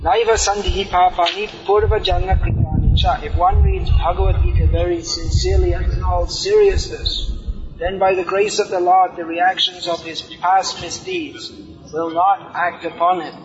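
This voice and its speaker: A man giving a scripture class, reading aloud, explaining and chanting verses slowly. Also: sits high. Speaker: lecturer on scripture. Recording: dull lo-fi sound, long hall reverb, music behind.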